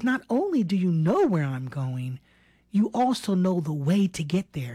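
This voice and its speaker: Woman preacher, low husky voice, earnest sermon delivery with frequent whispered emphasis. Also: no room sound. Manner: earnest, drops to a hushed whisper for key words; repeats words and restarts phrases.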